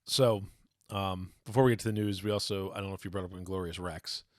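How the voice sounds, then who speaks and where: Male podcast co-host, low voice, rambling, self-correcting, dry sound. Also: fairly even intonation, fast talker, a little mellow, no room sound. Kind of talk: casual podcast chat.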